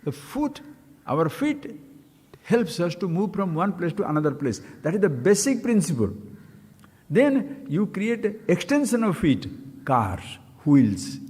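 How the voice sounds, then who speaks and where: A man's voice: high voice, darkish tone, husky, in a large hall. A man giving a spiritual talk, asking his listeners questions and repeating key phrases to stress them. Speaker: spiritual teacher. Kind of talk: live-streamed spiritual talk.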